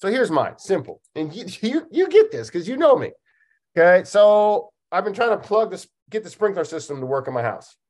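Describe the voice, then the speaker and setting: Animated, laughing male podcast host. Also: high voice, moderate pace. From Oregon, United States. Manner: animated, laughing, acts out dialogue. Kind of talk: casual comedic storytelling.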